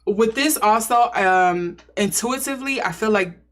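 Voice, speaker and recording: A woman's voice: fairly high pitch, a little slow, a bit bright. A woman giving a casual intuitive tarot reading, musing and thinking aloud as she speculates. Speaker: tarot reader.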